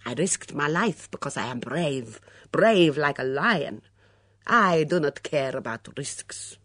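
A boastful foreign housekeeper crows about her bravery in a loud, swaggering mock accent, as a woman puts her on. The voice sits low and a little husky. It is recorded close and dry. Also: expressive, slow, no room sound, heavily acted.

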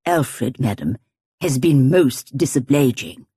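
Woman doing a middle-aged housekeeper, audiobook, deep voice, prim precise diction, slow measured words. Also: very animated, mellow, breathy edge, no echo, clean studio sound, exaggerated voice. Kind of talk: audiobook character voice.

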